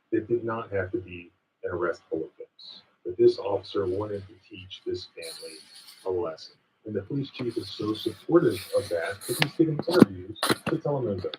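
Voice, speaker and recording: A man's voice: fairly low pitch, moderate pace, darkish tone, slight background noise. A man delivering indignant, emphatic online news commentary, heard as distant, dull clip audio. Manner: indignant, pointed.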